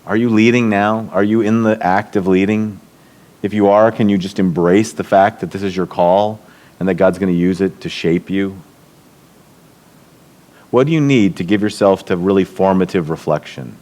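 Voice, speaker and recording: His voice is deep and his pace normal as this middle-aged man shares personal stories at a church leadership event. The storytelling is warm. He lifts his voice whenever he imitates what someone else said.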